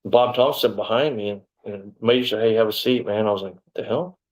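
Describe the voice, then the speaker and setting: A middle-aged man talks fast in a fairly low voice, a former deputy telling his own story in an interview. He rambles and acts out every exchange in quoted dialogue. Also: steady tone, low-quality recording.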